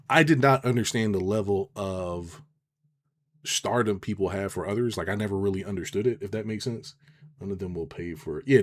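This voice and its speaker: A middle-aged man, a business coach, rambling in casual livestream chat, swearing freely and acting out conversations. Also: on the low side. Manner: rambling, profane, quotes people in dialogue.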